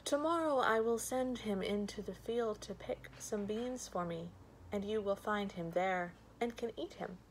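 A woman voicing a scheming village mother in a fairy tale, speaking softly and coaxingly. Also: mid-range voice, a little slow, slight background noise, natural voice, rough recording.

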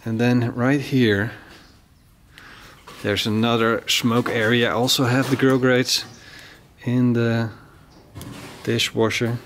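A man's voice: medium pitch, a little hiss or hum. A playful man hosting a casual barbecue vlog, teasing and laughing. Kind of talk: casual chat. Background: music.

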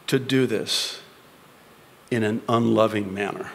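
Man preaching, from shouts to whispers. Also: slow pace, big-room sound. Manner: swings from loud, high exhortation to soft whispers. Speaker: pastor. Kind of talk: sermon. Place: church before a live congregation.

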